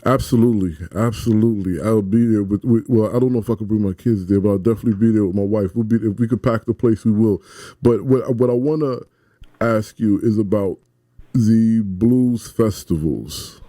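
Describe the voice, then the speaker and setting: Man with a dark, dry studio voice. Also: lowish voice, moderate pace, no echo. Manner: eager, stammers and laughs easily. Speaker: radio host. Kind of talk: radio interview conversation.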